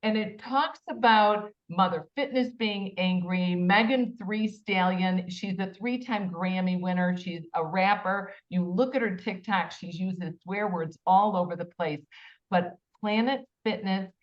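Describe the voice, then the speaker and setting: A woman's voice: mid-range voice, measured pace. A woman hosting a casual panel discussion over a video call. She talks with enthusiasm and chats freely. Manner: enthusiastic, chatty, spells words out. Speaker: talk show host. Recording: slightly muffled lo-fi audio.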